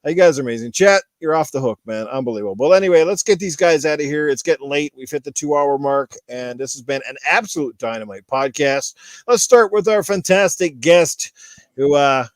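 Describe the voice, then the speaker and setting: A man's voice: fairly high pitch, no room sound. Upbeat man hosting a podcast. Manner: upbeat, reads viewer messages aloud. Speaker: podcast host. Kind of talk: casual chat.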